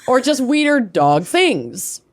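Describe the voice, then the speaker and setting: A woman's voice: on the high side, very animated, slow. A woman with a Minnesotan accent co-hosting a podcast, chatting casually and gushing with enthusiasm. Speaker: podcast co-host. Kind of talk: casual chat.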